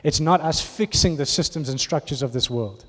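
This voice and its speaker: A man's voice: fairly high pitch, moderate pace, a bit bright. A man, preaching a passionate sermon to his church. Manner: passionate, rising to emphatic bursts. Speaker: pastor. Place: church auditorium. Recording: long reverb of a large hall.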